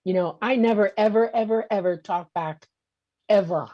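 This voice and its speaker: Animated older woman telling her story. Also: medium pitch, moderate pace, no room sound, muffled recording. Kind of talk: casual storytelling interview.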